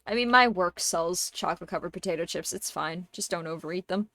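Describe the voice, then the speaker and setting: A young woman streamer casually telling a story to her chat, exasperated and animated, with swearing and fillers. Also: on the low side, brisk, dry recording. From Canada.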